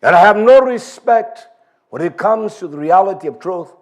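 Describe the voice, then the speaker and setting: A man's voice: high-pitched, lively intonation, a little slow. A man preaching a sermon in an emphatic, repetitive style, driving his points home.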